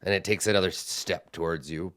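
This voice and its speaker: A man narrating a tabletop game as game master, unhurried and searching for words as he describes. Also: low voice, steady tone, fairly bright tone, smooth. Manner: unhurried, with many fillers and restarts while describing.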